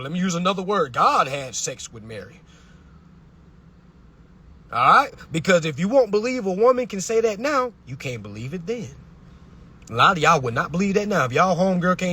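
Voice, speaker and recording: A young man hosts a live stream with a confrontational, preachy rant full of profanity. His voice sits a little high for a man and swings widely as he presses his points. Faint vehicle noise hums behind him. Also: big pitch swings, moderate pace, bright, forceful tone.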